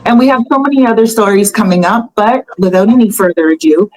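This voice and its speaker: A woman hosts a casual celebrity gossip show. She is chatty and animated, with plenty of fillers and laughs, and her voice sits at a middle pitch for a woman. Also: fast, rough recording. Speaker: host.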